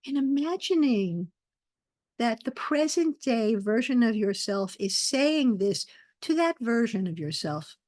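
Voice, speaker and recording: Woman meditation teacher on a video call, unhurried and soothing, slightly high voice, dry sound. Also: animated, dry recording. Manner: slow, soft, soothing guidance with pauses. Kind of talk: guided meditation class.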